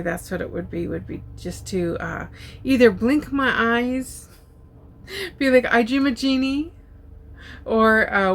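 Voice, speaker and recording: An older woman chatting casually at home, relaxed and talkative, with plenty of ums and uhs. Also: mid-range voice, vocal fry. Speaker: diamond art YouTuber. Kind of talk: casual chat answering tag questions.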